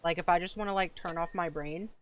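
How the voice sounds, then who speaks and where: A woman's voice: lowish voice, fairly even intonation, fast, poor audio. A woman streamer chatting casually with viewers while playing a game, laid-back and swearing freely, sometimes eating as she talks. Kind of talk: casual gaming stream chat.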